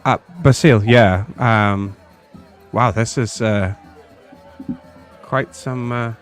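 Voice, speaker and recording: A man's voice: mid-range voice, steady tone, clear, resonant tone, soft background music, some chatter behind, natural voice. A man voicing a tall, lanky female elf who keeps hesitating as she speaks, in a tabletop game. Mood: hesitant. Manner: halting, full of hesitations.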